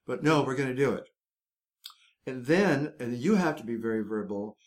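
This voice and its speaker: A man's voice: mid-range voice, expressive, normal speed. A man hosting a podcast, chatty and self-mocking, rambling with frequent restarts. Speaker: podcast host. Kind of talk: casual podcast chat.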